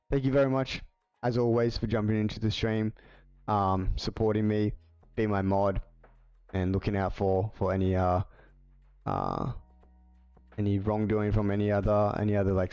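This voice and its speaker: A man chats casually to his stream audience, his speech wandering and full of filler words. His voice sits a bit low and dry. Soft music hums under slightly muffled audio. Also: little pitch movement, moderate pace, clear, resonant tone, no echo. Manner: rambling, filler-heavy with many "like"s. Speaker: livestreamer and video editor. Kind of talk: casual livestream chat.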